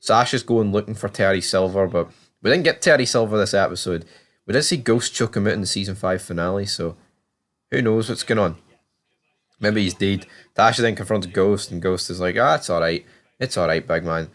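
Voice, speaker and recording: A man giving a casual, chatty review and recap of a TV season, swearing freely and acting out characters' lines in quick asides. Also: sits low, fairly bright tone. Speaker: TV show reviewer.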